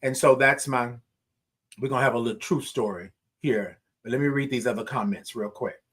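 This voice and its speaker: A middle-aged man hosting a live morning show, talking in an animated, preacher-like way, repeating phrases and reading viewer comments. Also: medium pitch, fairly quick, husky. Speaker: host.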